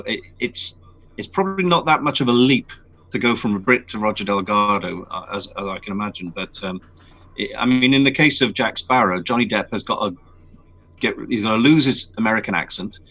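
A voice actor guest chatting in an interview, telling stories with animated excitement. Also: male voice, fairly low pitch, lo-fi sound. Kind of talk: casual interview chat.

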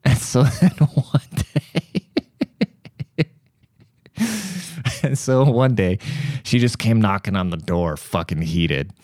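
A male podcast host telling rambling stories with plenty of swearing and frequent laughter. His voice sits a little low. The sound is dry and close, with no room echo. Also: a little slow, a little mellow. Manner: crude, profane, laughs often. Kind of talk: casual comedic storytelling.

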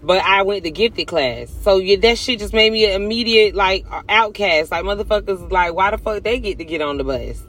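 High, bright-voiced man ranting bluntly. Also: normal speed, hardly any pauses. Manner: blunt, profane and emphatic, addressing viewers directly. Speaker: vlogger. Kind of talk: casual confessional monologue.

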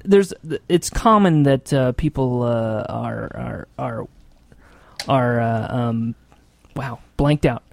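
A man hosting a casual show from a small studio, talking haltingly with many fillers and frequent laughs. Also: mid-range voice, vocal fry, no echo. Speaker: show host. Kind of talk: casual chat on a podcast. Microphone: studio microphone.

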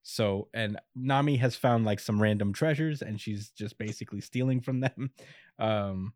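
A man's voice: lowish voice, moderate pace, darkish tone, dry recording, clean studio sound. A man in casual chat recapping an anime episode, laid-back and chuckly, with lots of fillers.

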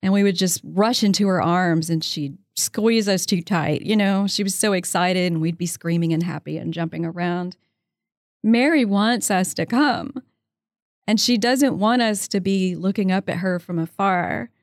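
A woman's voice: lowish voice, normal speed, dry recording, clean studio sound. Chatty woman telling stories with enthusiasm. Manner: warm, storytelling, enthusiastic about her faith. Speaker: guest author. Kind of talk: casual interview conversation.

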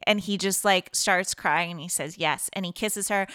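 Woman from boston chattering through a movie plot, bright crisp voice, dry close mic. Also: fairly low pitch, normal speed, no echo. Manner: animated storytelling, acting out dialogue, many fillers. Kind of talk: casual chat retelling a film plot.

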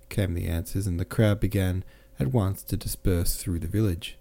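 Deep, dark-toned male audiobook narrator. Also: steady tone, moderate pace, creaky. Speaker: podcast host and reader. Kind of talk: scripted narration of a classic novel.

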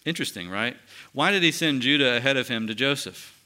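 A man teaching scripture to a small group, his voice bright and cleanly focused. He talks conversationally, stopping to quiz the listeners and warmly confirming their replies. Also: medium pitch, lively intonation, a little fast. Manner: asks the group questions and affirms answers; conversational with restarts. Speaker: pastor teaching a Bible study. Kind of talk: interactive Bible teaching.

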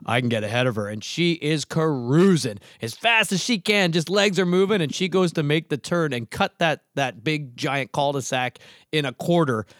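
Brief: high-pitched male host, dry close sound, lively laughing anecdotes. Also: moderate pace, no room sound. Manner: animated, laughing, acts out quotes. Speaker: podcast host. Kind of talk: casual storytelling chat.

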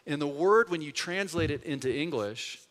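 A man preaching in a church hall, his bright, forceful voice carrying long reverb around the room. He talks earnestly and conversationally, swinging from loud, pressing lines to near-whispered ones. It sounds like a storytelling sermon to a congregation. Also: a little high, expressive, moderate pace. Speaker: pastor.

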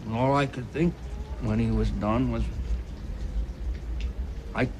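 A man playing a weary, rough-spoken keeper. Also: mid-range voice, noisy background, close to an everyday voice. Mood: brooding. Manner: rough folksy grammar, slow brooding drawl. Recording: film clip with rain behind. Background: rain.

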